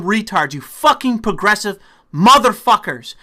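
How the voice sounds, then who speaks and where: A young man delivering an angry, profane political rant as a commentator, breaking into shouting bursts. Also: high voice, expressive, moderate pace.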